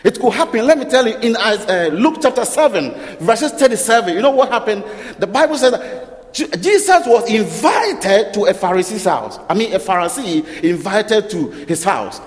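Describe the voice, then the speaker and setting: High-pitched guy preaching, lots of rhetorical questions and repeats, big echoey church hall. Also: sing-song, moderate pace. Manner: rhetorical questions, repeats phrases, corrects himself. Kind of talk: sermon. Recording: long reverb of a large hall.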